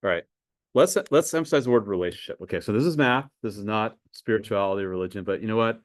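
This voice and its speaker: A man with a fairly low voice moves at a quick pace through a conversational math class, asking students questions and often repeating words; there is no room sound.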